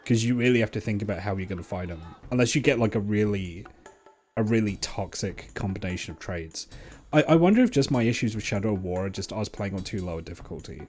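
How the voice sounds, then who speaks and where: A young man with a fairly low voice rambles through casual stream chatter, excitable and loose, with occasional swearing. Faint music plays beneath him throughout. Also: fast. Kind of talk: casual gameplay chat.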